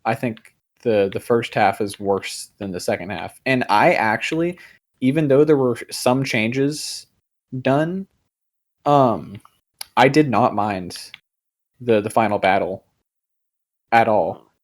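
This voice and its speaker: A man's voice: medium pitch, takes it slowly. A young man co-hosting a podcast, talking in a casual, rambling way, full of fillers, restarts and offhand swearing. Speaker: podcast co-host. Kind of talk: casual chat.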